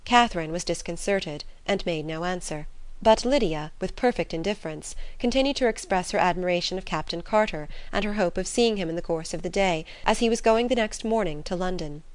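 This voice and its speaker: A woman narrating a classic novel in an even, composed way. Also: fairly low pitch, a little fast, no room sound. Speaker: audiobook narrator.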